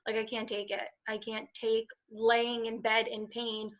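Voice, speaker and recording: Bright-voiced woman in her twenties, lo-fi. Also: a little high, completely flat delivery, measured pace. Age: 20s. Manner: candid, laughing, frequent fillers and restarts. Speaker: podcast guest. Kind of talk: casual interview conversation. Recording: dull lo-fi sound.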